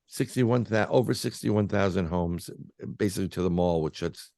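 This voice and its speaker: Male guest, paranormal researcher, low gravelly voice, dry close sound, loose excitable storyteller. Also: moderate pace, no room sound. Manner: rambling, filler-heavy, restarts, excitable. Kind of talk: casual storytelling in an interview.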